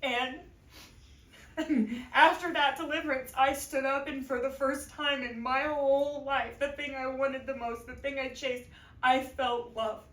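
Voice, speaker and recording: High-voiced woman giving a testimony. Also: fairly even intonation, measured pace, a bit bright. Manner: earnest, tearful at times, laughing between phrases. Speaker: church member giving a testimony. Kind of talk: emotional personal testimony. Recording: echoey room, voice from a distance.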